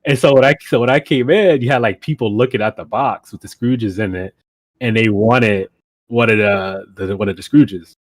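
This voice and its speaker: A man's voice: on the low side, normal speed, no echo. A young man on a podcast, casually telling a rambling anecdote with lots of fillers and restarts. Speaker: podcast co-host. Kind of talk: casual chat.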